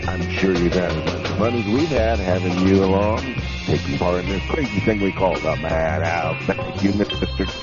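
A man's voice: low voice, normal speed. A man hosting a comedy radio show, rambling and jokey as he thanks the regulars. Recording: dull lo-fi internet radio with music.

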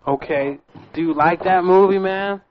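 A man's voice: sits high, moderate pace, a little hiss or hum. A man hosting a prank-call show in casual comedic banter, pushy, with "man" tacked onto his lines. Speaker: radio show host making prank calls. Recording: dull lo-fi recording with music behind.

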